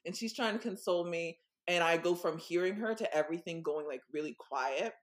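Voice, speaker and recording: A woman's voice: fairly low pitch, a little fast. A young woman co-hosting a podcast, telling a story casually in a rambling way, full of "like" and "um". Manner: rambling, full of "like" and "um", acts out voices. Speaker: podcast co-host.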